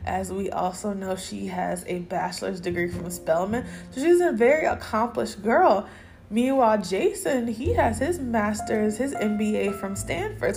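A woman's voice: medium pitch, moderate pace, vocal fry, a little mellow, faint music behind. A woman hosting a podcast, recapping episodes alone in a casual chat, candid and opinionated with plenty of slang. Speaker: podcast host.

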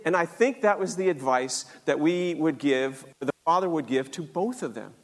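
With a fairly high voice at a normal speed, an older man earnestly recounts his own faith story, bringing it to life with acted-out voices. A long hall reverb surrounds the sound.

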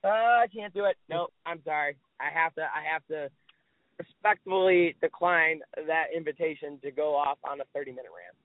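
A man co-hosting a sports podcast in casual chat, talking in an excitable, exasperated way and swearing often. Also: on the high side, moderate pace, no echo. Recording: tinny phone-like dry sound.

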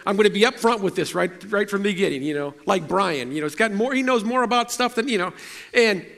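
A middle-aged preacher with a fairly high, gravelly, fairly bright voice gives a storytelling sermon. He talks fast and expressively to the congregation in a loose, conversational way, often restarting sentences and poking fun at himself.

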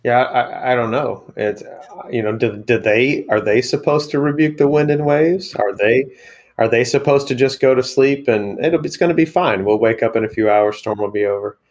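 A man's voice: mid-range voice, normal speed, darkish tone. A man co-hosting a casual talk, tentative and wondering aloud as he asks questions. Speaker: podcast co-host. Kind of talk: casual conversation.

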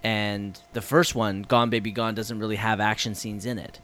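A man co-hosting a podcast in casual chat, enthusiastic, swearing freely and trailing off as he gets excited. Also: lowish voice, moderate pace. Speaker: podcast co-host.

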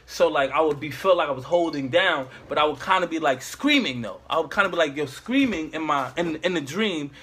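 A man's voice: on the high side, lively intonation, brisk, few pauses, sharp tone, slightly rough. A young man casually telling a rambling, slangy story to friends.

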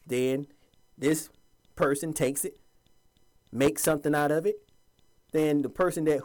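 A man's voice: on the high side, measured pace, a little mellow. A man giving an impassioned, preachy monologue to his viewers, sometimes mocking the voices of other people. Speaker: commentator addressing viewers.

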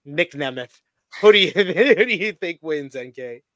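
A man's voice: fairly high pitch, lively intonation, moderate pace, fairly bright tone, dry recording. A man hosting a casual wrestling podcast, reading out the matches and asking each co-host for a pick. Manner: runs the show, reads out matches and asks each co-host for picks.

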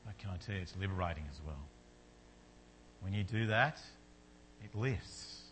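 A man's voice: sits low, moderate pace, a bit bright, a little hiss or hum. A man preaching a sermon in an earnest manner, building to fervent repetition.

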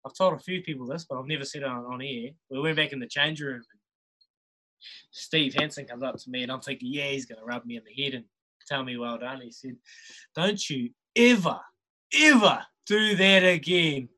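Laid-back New Zealand man, bright voice. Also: mid-range voice, fairly even intonation, quick pace, low-quality recording. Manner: laid-back, chuckles often, many restarts. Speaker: podcast guest, rugby player. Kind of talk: casual storytelling chat.

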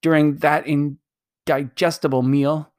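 Pompous aggrieved old gent, pitched up, dry close sound, voiced by a man reader. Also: level tone, slow, a little mellow, no echo. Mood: indignant. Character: pompous indignant old gentleman, fussy.

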